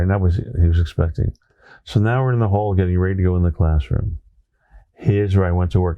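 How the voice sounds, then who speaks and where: Deep-voiced man with a Brooklyn accent. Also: creaky, dry recording, highs cut off. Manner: animated storyteller, tag questions like "right?". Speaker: guest, former teacher. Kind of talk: anecdotal storytelling in conversation.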